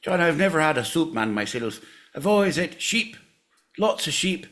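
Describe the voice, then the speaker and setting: A man's voice: fairly high pitch, very animated, normal speed, fairly bright tone. A man voicing a rambling stereotyped Irish man in a put-on Irish accent, stammering and sing-song in a comedy bit.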